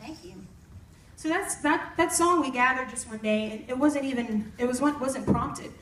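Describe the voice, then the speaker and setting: A woman who works as a music therapist, speaking softly and casually to campers between songs. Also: sits high, moderate pace, slight background noise. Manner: soft-spoken, conversational, with y'all. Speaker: singer-songwriter and music therapist. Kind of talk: casual talk to campers and live singing. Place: camp room, live performance. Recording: roomy, distant mic, with loud guitar. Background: guitar playing.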